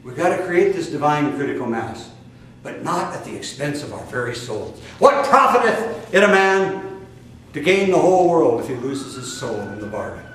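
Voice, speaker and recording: An older man with a Midwestern accent delivers a fiery sermon, leaning hard on his stresses and now and then bursting out loud. His voice sits a little high, and it is heard from a distance in a very echoey room with faint noise behind it. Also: sing-song. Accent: Midwestern American. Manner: fiery, emphatic preaching with sudden loud outbursts and drawn-out stresses. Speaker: spiritual teacher.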